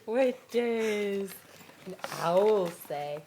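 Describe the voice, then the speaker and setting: A woman's voice: medium pitch, animated, slow pace, a little mellow, a little hiss or hum. An older woman, a grandmother, talks baby talk to a little child, making giggly animal noises in a sing-song way.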